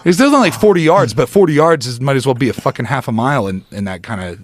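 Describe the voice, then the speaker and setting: A man's voice: medium pitch, fast talker, dry recording. Profane man telling a hunting tale. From United States. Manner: animated, profane, laughing storyteller. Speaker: podcast guest, former football player. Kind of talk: casual storytelling.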